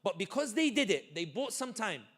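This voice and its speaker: A man giving an animated, joking community talk full of stories and quick asides. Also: high-pitched. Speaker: guest speaker. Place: community center hall.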